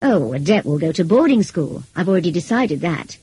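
A woman reading the lines of a brooding, passionate middle-aged gentleman in an audiobook, in an intense, pleading manner. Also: on the low side, big pitch swings, a little fast, breathy edge, exaggerated voice, rough recording.

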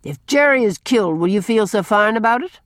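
Brief: woman reading as a bold old man, gruff and needling, voice swings widely. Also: mid-range voice, lively intonation, a little fast, dry recording, clean studio sound, pitched above the performer's own voice, close to an everyday voice. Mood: challenging. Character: blunt loud older man who baits parsons.

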